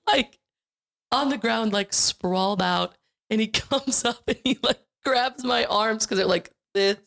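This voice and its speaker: A young woman from Iowa, a guest on a podcast, telling improv stories in a bubbly, animated way and laughing often. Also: on the high side, a little slow, gravelly. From Iowa, USA. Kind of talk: casual chat.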